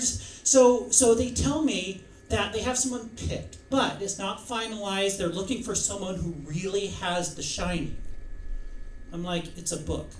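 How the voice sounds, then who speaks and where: A man's voice: sits high, a little hiss or hum. A man doing rambling, self-deprecating stand-up comedy in a comedy club. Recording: echoey club, mic from far off.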